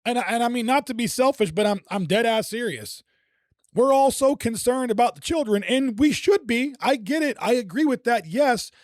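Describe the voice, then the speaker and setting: High-voiced man ranting conspiratorially. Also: moderate pace, no room sound, studio quality. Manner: rambling, conspiratorial, swears often. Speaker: reaction video host. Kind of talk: casual commentary reacting to clips.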